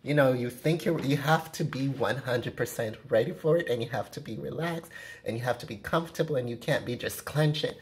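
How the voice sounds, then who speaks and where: A woman's voice: rumbling low, brisk. Rambling woman venting to camera at home. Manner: rambling, heavy use of "you know" fillers, frank. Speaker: vlogger. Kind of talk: casual vlog rant to camera. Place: own apartment, indoors. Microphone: camera at close range.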